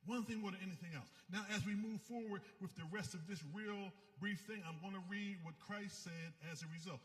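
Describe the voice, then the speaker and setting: A man's voice: high-pitched, fairly quick, big-room sound. A man giving a fervent, preacher-like recovery talk, rising and falling as he speaks.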